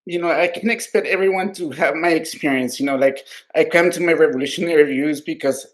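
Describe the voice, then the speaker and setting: A man's voice: a little high, a little fast. A man co-hosting a casual political podcast, talking earnestly and at length, swearing freely and tagging nearly every point with "right?". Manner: earnest, rambling, heavy swearing, constant "right?" tags; heartfelt, openly emotional about his values. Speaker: podcast co-host.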